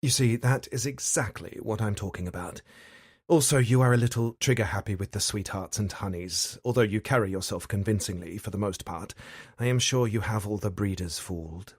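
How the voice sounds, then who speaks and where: A sharp woman who sees through every lie, speaking coolly and analytically with a teasing edge, voiced by a man reading an audiobook. The tone sits slightly low and stays measured as she presses her point. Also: breathy edge, no room sound, clean studio sound.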